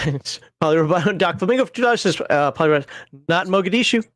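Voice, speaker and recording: Male stream host, a bit high-voiced, reading out chat with blunt opinions; dry close-miked sound. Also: expressive, rapid-fire, no room sound. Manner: opinionated and wry, with frequent fillers. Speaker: host of a livestream panel show. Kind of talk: casual livestream chat, reading viewer comments.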